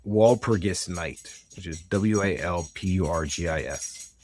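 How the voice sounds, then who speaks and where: A man's voice: sits low, normal speed, music in the background. An American man co-hosting a podcast, talking casually from his notes and often stumbling and correcting himself mid-sentence. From United States. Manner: rambling, self-correcting, stumbles over words. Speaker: podcast co-host. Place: home with dogs nearby.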